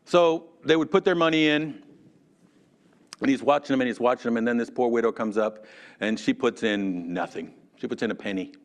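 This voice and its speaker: A man teaching a Sunday school class in a church, chatty and animated, calling on class members by name. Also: medium pitch, a little fast. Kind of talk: conversational sermon.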